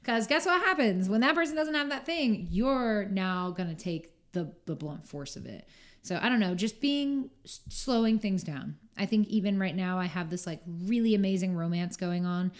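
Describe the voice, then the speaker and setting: A woman's voice: mid-range voice, lively intonation, normal speed. Chatty woman, lots of "like". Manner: chatty, full of "like", acts out quoted speech. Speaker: podcast guest. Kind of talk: casual conversational interview.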